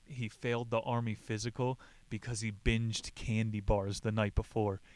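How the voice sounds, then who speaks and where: A man's voice: on the low side, little pitch movement, moderate pace. A young man hosting a podcast, casually retelling a book with jokes, swearing and side comments. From Southern California. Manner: loose and jokey, swears and makes asides. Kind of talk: casual storytelling recap.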